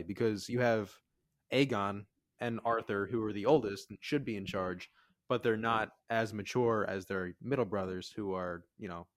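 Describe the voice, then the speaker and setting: Bright-voiced man casually chatting. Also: fairly low pitch. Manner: laid-back, swears casually, often laughs. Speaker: podcast co-host. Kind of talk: casual chat, film and TV review.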